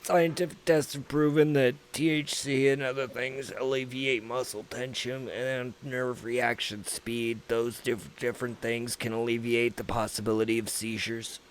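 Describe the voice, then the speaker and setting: A man's voice: medium pitch, little pitch movement, normal speed, hardly any pauses, a little hiss or hum. A man with a Southern US accent, hosting a livestream and chatting casually with his viewers in a rambling, profane, laid-back way. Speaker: livestream host.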